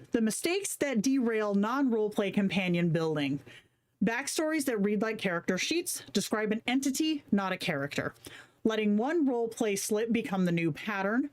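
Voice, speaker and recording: A woman hosting a live stream, chatting casually with slang and swearing while reading chat comments aloud. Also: medium pitch. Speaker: livestream host.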